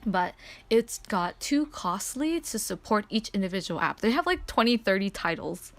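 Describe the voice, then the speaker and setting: Excitable woman rambling through a story. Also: mid-range voice, moderate pace, dry recording. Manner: excitable, rambling, lots of "like" fillers. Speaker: streamer. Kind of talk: casual story time chat.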